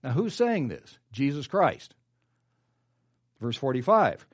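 Man, preacher, sermon delivery with lively swinging pitch, emphatic then quiet. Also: slow pace. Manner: reads scripture aloud and comments, rising emphatic then dropping quiet; clears his throat often.

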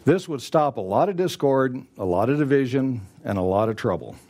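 Expressive and brisk, a man with a medium-pitched, slightly mellow voice preaches as a pastor. He presses his message through repetition and dramatizes what people might say to each other.

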